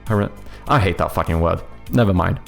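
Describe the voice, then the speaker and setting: A Swedish streamer and game developer chats casually on a live stream, thinking aloud while answering chat and often halting to correct himself. He has a Swedish accent and a deep voice with vocal fry, with soft music in the background.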